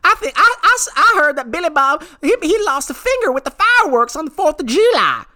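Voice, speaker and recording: A man voicing a rowdy backwoods country radio DJ with a twangy drawl and rambling, rapid gossip. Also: extremely high pitch, sing-song, pushed and bright, voice pushed up, exaggerated voice. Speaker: podcast co-host.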